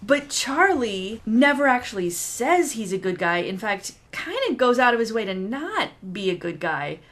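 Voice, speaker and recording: A woman's voice: fairly high pitch, big pitch swings, moderate pace, fairly bright tone. A woman co-hosting a casual movie review podcast, talking in a chatty, hesitant way with fillers and restarts. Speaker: podcast co-host.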